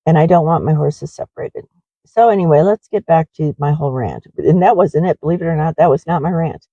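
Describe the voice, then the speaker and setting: A woman's voice: sits low, a little fast, warm tone, slightly rough, dry recording, highs cut off. A middle-aged woman who runs a horse ranch, rambling in a confessional way with many fillers in a casual walking vlog.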